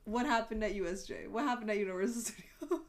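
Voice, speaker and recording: A woman's voice: medium pitch, fast talker. Young woman co-host, casual chat, teasing and skeptical, laughs easily. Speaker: podcast co-host.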